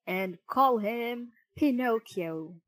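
Woman reading as an old male carpenter, quick-tempered, loud and exclaiming, slow and deliberate, dry close sound. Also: a little high, lively intonation, no room sound, exaggerated voice. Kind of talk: storybook reading.

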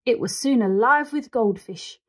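A woman reading a children's picture book aloud, with calm, clear storytelling. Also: on the high side, unhurried. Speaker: read-aloud host.

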